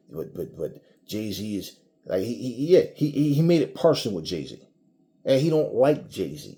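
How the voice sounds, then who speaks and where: A man's voice: mid-range voice, warm tone. A man ranting to his audience in a casual, blunt, profane way, often restarting his sentences. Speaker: commentator. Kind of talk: casual rant to camera.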